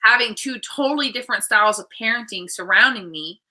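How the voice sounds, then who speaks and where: Bright, upbeat woman host in her 30s. Animated storyteller who acts out the people she quotes. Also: a little high, fairly quick, low-quality recording. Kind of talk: casual interview chat.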